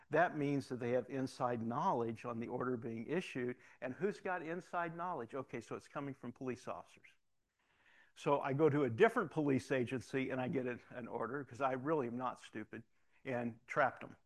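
A man who is both a pastor and a police officer, telling his stories in an animated way, acting out the dialogue and often repeating words as he starts a sentence. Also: medium pitch. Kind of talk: storytelling testimony.

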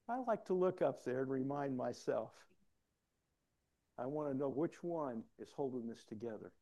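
In his sermon, a middle-aged man with a medium-pitched voice tells personal stories, his volume swinging from hushed asides up to loud exclamations.

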